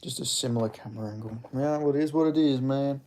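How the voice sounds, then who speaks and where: A man's voice: medium pitch, fast talker, a little mellow. Male streamer, loose rambling talk, answering chat with joking apologies. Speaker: livestream host. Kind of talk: casual livestream chat about fighting.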